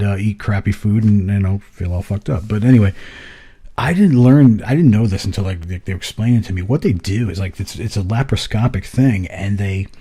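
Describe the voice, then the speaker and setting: A man with a low, husky voice and a dark, mellow tone, chatting casually on a podcast. He tells his story with loose, profane energy and swears freely. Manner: swears freely, lively retelling. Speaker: podcast co-host.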